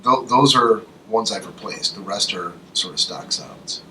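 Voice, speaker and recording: A man's voice: fairly low pitch, a little slow, sharp tone, distant mic, a little hiss or hum, poor audio. A man hosting a casual podcast, cracking dry one-liners and running the sound buttons. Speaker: podcast host running the mixer. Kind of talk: casual chat.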